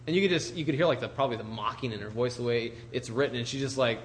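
A man's voice: medium pitch, rapid-fire, hardly any pauses. Casual storytelling male preacher. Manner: informal storytelling with asides and restarts. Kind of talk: conversational Bible teaching.

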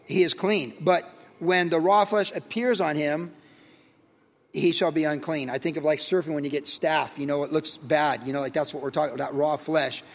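A man's voice: on the high side, steady tone, moderate pace. A man teaching verse by verse as a pastor, reading scripture and then talking it through casually with fillers and rhetorical questions. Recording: long hall reverb.

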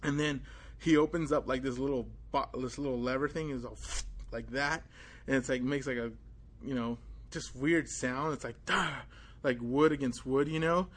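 A young man preaching an informal sermon, telling a personal story in a casual, animated way with many fillers. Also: medium pitch, normal speed.

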